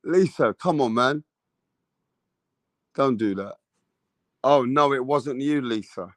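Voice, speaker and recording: A man's voice: mid-range voice, takes it slowly, no room sound. A man with an English accent hosting a casual boxing live stream, joking with viewers and swearing freely. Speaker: boxing channel host.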